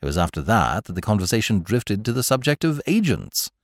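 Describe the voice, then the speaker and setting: Expressive male storyteller, dry close sound. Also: on the low side, brisk, no echo. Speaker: narrator. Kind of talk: scripted audiobook narration.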